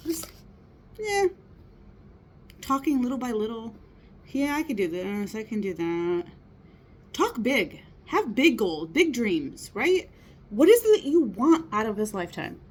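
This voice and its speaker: A woman's voice: on the high side, a little mellow. A woman in her thirties giving a casual motivational talk, earnest and encouraging, often checking in with her listeners. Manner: earnest, encouraging, many rhetorical "right?" asides. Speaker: motivational speaker.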